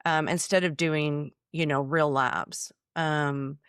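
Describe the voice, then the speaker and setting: A woman's voice: low-pitched, fairly even intonation, takes it slowly, a bit bright, smooth, no room sound, studio quality. A woman speaking bluntly and emotionally about her own illness, filmed in her office. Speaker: chiropractor and author. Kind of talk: personal testimony.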